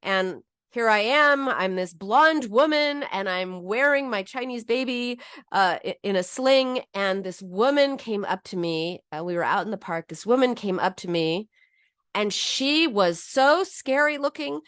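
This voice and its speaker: An earnest, heartfelt middle-aged woman gives a personal teaching talk about binge eating. Her pitch sits in the middle range, and she often restarts sentences as she goes. The recording is dry, with no room echo. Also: lively intonation, a little slow, a bit bright, clear, resonant tone. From United States.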